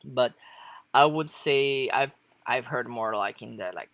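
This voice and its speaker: A woman's voice: very deep voice, unhurried, a bit bright, no echo. A woman teaching Japanese in a casual online lesson, chatty and loose, with lots of fillers and frequent laughs.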